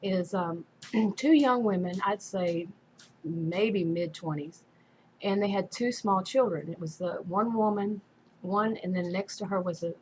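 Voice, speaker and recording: A woman's voice: mid-range voice, measured pace, a little hiss or hum, poor audio. A woman casually telling a personal story in a rambling way, full of fillers and restarts. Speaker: vlogger.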